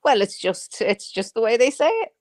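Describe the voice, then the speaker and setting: A woman's voice: fairly high pitch, big pitch swings, moderate pace, a little mellow, dry recording. A woman hosting a casual live chat, rambling with lots of fillers and the odd swear word. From Ireland. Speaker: livestream host. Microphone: home microphone on a live stream.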